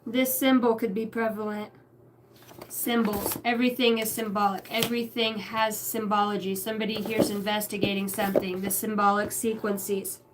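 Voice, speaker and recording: A woman's voice: mid-range voice, level tone, moderate pace, background noise. A woman giving a channeled tarot reading, rambling through names and numbers and swearing casually. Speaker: psychic reader.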